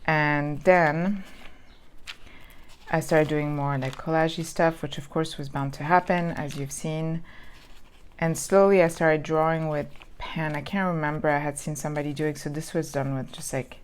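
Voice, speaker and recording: A Southern California planner vlogger with a low, steady voice chats casually at a normal speed while flipping through old planners, rambling with plenty of ums and restarts. There's a slight hiss or hum in the recording.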